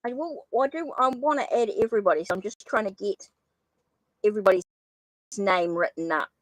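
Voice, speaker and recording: A tarot streamer talks briskly in a medium-pitched voice, casually apologizing and thinking aloud as she types up viewers' names. She claims her accent is funny. The recording is rough and echo-free.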